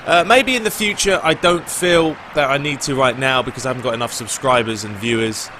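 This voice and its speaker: A young British man, a gaming YouTuber, answering viewer questions in a relaxed, rambling chat. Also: medium pitch, a little fast, noisy background. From Britain. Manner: relaxed, rambling, lots of "you know" and "uh". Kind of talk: casual Q&A chat.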